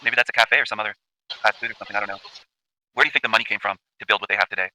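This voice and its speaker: A man's voice: on the low side, steady tone, rapid-fire, pushed and bright, low-quality recording. A man from Canada, hosting his own channel, delivering an emphatic, profane, repetitive rant as commentary over video footage. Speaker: channel host.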